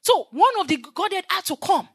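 A woman's voice: very high-pitched, big pitch swings, moderate pace, a bit bright. A woman preaching a sermon, teaching emphatically with repetition and call-and-response, leaving scripture lines for the listeners to finish.

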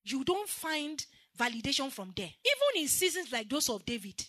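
A sing-song, high-sitting voice with a sharp edge belongs to a woman preaching with a Nigerian accent at normal speed. Her sermon is emphatic, and she calls on the congregation to say her words back in call-and-response. There is no room sound.

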